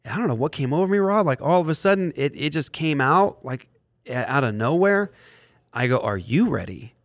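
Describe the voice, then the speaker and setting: A man's voice: fairly high pitch, lively intonation, fairly quick, dry recording, studio quality. A man speaking as a podcast guest, telling an earnest story and acting out the dialogue as he goes. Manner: acts out quoted dialogue while telling a story. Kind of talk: animated storytelling in conversation.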